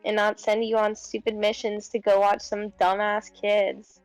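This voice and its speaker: A woman's voice: mid-range voice, monotone, normal speed, clear, resonant tone, faint music behind. A young woman playing a tabletop game, chatting in a rambling way full of fillers. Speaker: player. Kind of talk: casual tabletop role-play.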